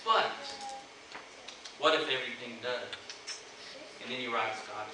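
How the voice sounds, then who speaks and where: A man's voice: medium pitch, unhurried, background noise. A man preaching a sermon in a church in a conversational way, often asking "right?" to check in with the congregation. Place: church sanctuary. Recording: echoey church hall, mic at a distance.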